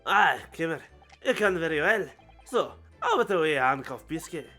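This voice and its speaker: A streamer voicing a gruff, hearty male prison governor with a put-on Scottish accent, speaking loud and bluff. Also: medium pitch, very animated, normal speed, faint music behind.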